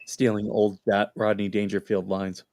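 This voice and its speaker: A man's voice: lowish voice, creaky, darkish tone. A man hosting a livestream, chatting casually and telling funny stories with frequent laughter. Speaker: livestream host. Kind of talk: casual chat and storytelling.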